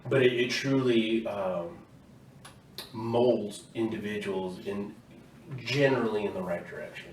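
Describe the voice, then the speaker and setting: A man with a fairly low voice tells stories as a podcast guest, animated and quick to laugh. He sounds a little away from the mic in an echoey room with a faint hiss behind him. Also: recorded from a distance. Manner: animated storyteller, laughs often. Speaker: guest, army veteran. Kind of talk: casual podcast interview.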